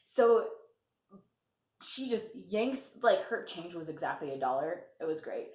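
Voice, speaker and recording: A woman's voice: lowish voice, big pitch swings, unhurried, darkish tone. Chatty young woman in an echoey room. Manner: chatty, laughs often, lots of fillers. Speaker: vlogger. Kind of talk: casual storytime vlog.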